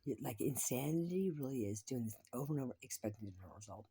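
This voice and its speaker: A woman's voice: very deep voice, lively intonation, fast, dark tone, breathy edge. A woman talking in a rambling personal monologue, repeating herself, swearing freely and sometimes dropping into a whisper.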